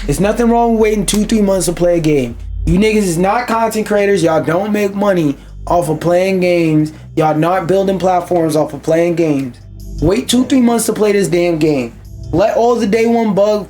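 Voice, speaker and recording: A man's voice: high voice, moderate pace, mellow, soft background music. A young man streaming, reading an article aloud and breaking off into profane, ranting commentary. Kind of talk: casual reaction commentary.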